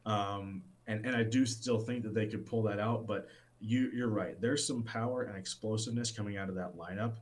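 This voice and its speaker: A man's voice: on the low side, steady tone, moderate pace, hardly any pauses, low-quality recording. A man co-hosting a casual sports talk show, enthusiastic and rambling, with plenty of restarts. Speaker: sports podcast co-host.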